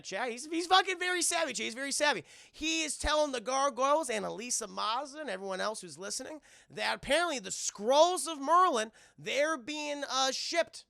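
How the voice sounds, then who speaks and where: A man streaming a casual, profane, animated recap of a cartoon episode to his live chat. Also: very high-pitched, vocal fry, no echo, studio quality. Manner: animated, profane, lots of fillers.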